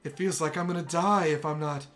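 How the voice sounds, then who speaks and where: A man voicing an obsessive, soft-spoken young woman, reading visual novel dialogue aloud in a hushed, intense voice. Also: fairly high pitch, steady tone, fairly quick, faint music behind, natural voice.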